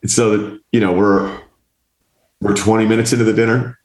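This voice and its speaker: At a normal speed and fairly low pitch, a man hosting a podcast works through a long, chatty story, animatedly impersonating the people involved and swearing liberally. The audio has a roomy quality.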